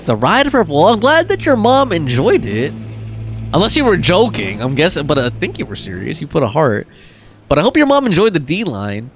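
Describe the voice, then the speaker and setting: A man's voice: a little high, huge pitch swings, normal speed, slight background noise. A young man chatting casually on a game live stream, reading out chat messages and joking with viewers. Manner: chatty, reads chat aloud and jokes around.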